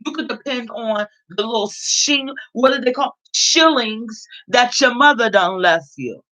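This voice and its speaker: A woman's voice: a little high, unhurried, pushed and bright, rough recording. A woman from California giving a blunt, heavily profane commentary rant and repeating her points for emphasis. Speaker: vlogger.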